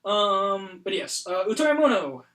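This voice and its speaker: High-voiced young man retelling animatedly. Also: moderate pace, slight background noise. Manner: animated retelling, many fillers. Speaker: podcast host. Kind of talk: casual chat. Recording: roomy echo.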